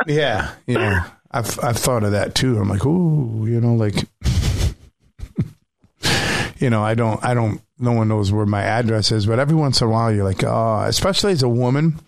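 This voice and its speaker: Speaking in a lowish voice at a moderate pace, a man joins a streamer as a guest for casual conversation. He recounts a story with emotion and animation, frequently restarting as he goes.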